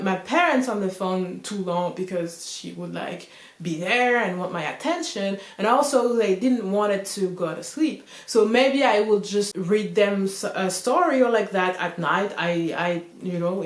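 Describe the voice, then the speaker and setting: A woman in her thirties rambles through a personal storytime, leaning on "like" and "you know" between thoughts. Her voice sits at an ordinary middle pitch. The room around her is echoey and roomy. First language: French. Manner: chatty, rambling, heavy use of "like" and "you know". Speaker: vlogger. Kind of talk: casual storytime monologue.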